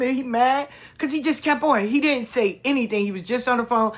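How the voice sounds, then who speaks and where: A woman hosting a podcast, telling stories in a casual monologue, expressive and repetitive, swearing freely. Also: sits high, a little fast, hardly any pauses. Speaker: podcast host.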